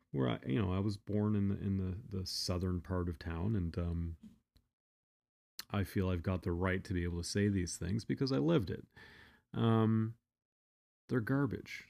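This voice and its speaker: A man's voice: sits low, vocal fry, darkish tone. A man telling a personal story in a casual, blunt, profane way, often restarting his sentences.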